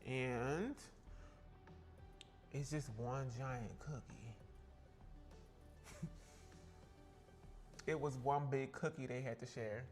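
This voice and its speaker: A man's voice: mid-range voice, very slow, long pauses, darkish tone, faint music behind. A man from South Carolina, chatting playfully and sassily with viewers while baking live in his kitchen. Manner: chatty, playful, reacts to chat with sassy exclamations. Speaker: live-stream baking host. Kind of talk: casual live-stream chat while baking. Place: home kitchen.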